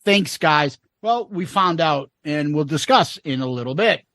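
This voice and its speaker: A man's voice: a little high, animated, measured pace, a bit bright, dry recording. A man co-hosting a casual podcast, reading listener comments aloud with wry asides.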